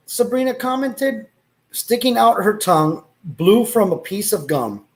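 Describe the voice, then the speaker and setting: A man's voice: fairly high pitch, sing-song, unhurried. A man reading a story aloud, breaking off to laugh and make asides, with Spanish exclamations.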